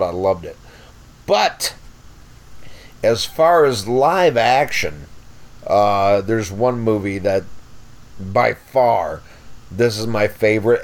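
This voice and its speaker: A man's voice: lowish voice, takes it slowly. Profane, rambling middle-aged man. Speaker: podcast guest. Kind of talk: casual storytelling.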